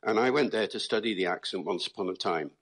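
A man from Britain speaks as a linguist guest in an interview. His voice is low and husky. He explains in a lecturing, storytelling way. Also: fast, a bit bright.

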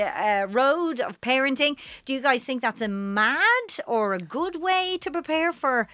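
A woman's voice: high voice, expressive, measured pace, few pauses, a bit bright, dry recording. A woman hosting a panel chat, prompting guests with questions and laughing often. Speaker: host.

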